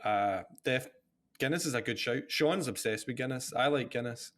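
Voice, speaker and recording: A man's voice: mid-range voice, expressive, normal speed, a bit bright. A man co-hosting a casual chat on a video call, eager and tripping over his restarts. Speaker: co-host.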